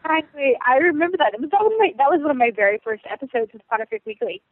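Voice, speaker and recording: A woman co-hosting a podcast in casual chat, animated and laughing, with quick bursts of excitement. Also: high voice, no room sound. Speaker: podcast co-host. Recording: phone-like line with faint hiss.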